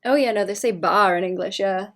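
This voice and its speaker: A woman from Wales, talking to her stream audience as she sketches. Her talk is loose and chatty, full of little restarts and fillers as she thinks out loud. Her pitch sits in the middle of the usual range for women. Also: a little fast. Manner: chatty, musing aloud with many restarts and fillers. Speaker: artist streaming while drawing. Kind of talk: casual livestream chat.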